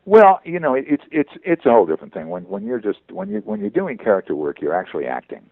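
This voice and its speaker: A veteran voice actor talking in a phone interview, halting and repeating words as he goes. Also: fairly low pitch, wildly swooping pitch, no echo. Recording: tinny phone line.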